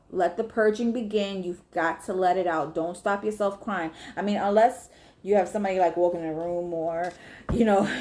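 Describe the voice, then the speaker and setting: A woman's voice: medium pitch, background noise. A woman giving a casual, chatty tarot reading, swearing freely and talking straight to her viewers. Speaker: tarot reader.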